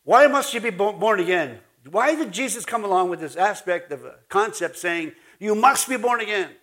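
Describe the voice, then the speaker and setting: Animated and moderately paced, a pastor with a high, somewhat bright voice delivers a folksy sermon in Ojibwe-influenced Canadian English. He jokes with the congregation and calls for their responses.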